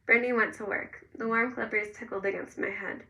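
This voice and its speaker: A woman narrating a first-person novel in a gentle storytelling manner. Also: medium pitch, fairly even intonation, a little fast, vocal fry, distant mic, poor audio. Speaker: audiobook narrator.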